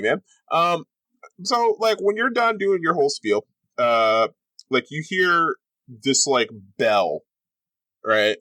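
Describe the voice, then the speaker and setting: A man's voice: fairly high pitch, lively intonation, slow pace, sharp tone, no room sound. A young man narrating a tabletop game as game master, rambling and full of fillers.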